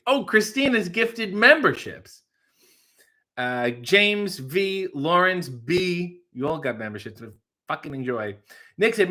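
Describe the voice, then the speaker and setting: Bright-voiced man joking with his chat. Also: fairly high pitch, expressive, moderate pace. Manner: wry, joking asides to the chat. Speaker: livestream host. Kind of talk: casual livestream chat reading.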